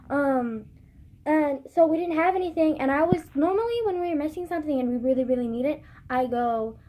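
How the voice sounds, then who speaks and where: A woman's voice: on the high side, dark tone, slight background noise. A teenage girl rambling casually while sick and congested, swearing often and filling with "like". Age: teens. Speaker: vlogger.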